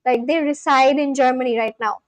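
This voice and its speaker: A young woman hosting a livestream, chatting casually with viewers, laughing often and correcting herself with quick apologies. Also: sits high, steady tone, dry recording. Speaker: livestream host. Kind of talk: casual chat reading live chat aloud.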